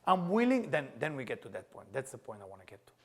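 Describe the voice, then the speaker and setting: A middle-aged man with an Israeli accent, a Kabbalah teacher telling a story as a lesson and acting out the dialogue with loud, animated bursts. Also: lowish voice, very fast, husky.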